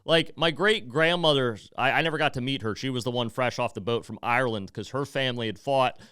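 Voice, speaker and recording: A man's voice: medium pitch, a little fast, fairly bright tone, clean tone, no echo, clean studio sound. An American man hosting a podcast, giving casual, rambling commentary with many asides. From United States. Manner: rambling and conversational, full of "like" and asides. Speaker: podcast host.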